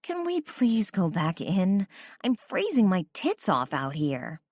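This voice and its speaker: A woman's voice: mid-range voice, huge pitch swings, takes it slowly, no room sound, pitched above the performer's own voice, exaggerated voice. A woman performs a tipsy young heroine, sassy and argumentative, her voice leaping up and down as she whines and protests. It has a dry, close sound with no room around it. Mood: tipsy, indignant.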